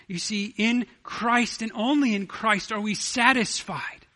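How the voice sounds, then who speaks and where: A man's voice: high-pitched, fairly even intonation, measured pace, sharp tone. A male pastor preaching a sermon in an earnest way, often restarting and repeating words.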